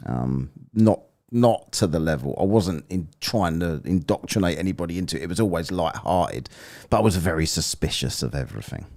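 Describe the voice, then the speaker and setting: A man's voice: low voice, animated, fairly quick, hardly any pauses, a little mellow. An English man commenting casually on a live stream, chatty and rambling, joking and laughing as he reads the chat. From England. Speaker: streamer reviewing a debate and reading chat.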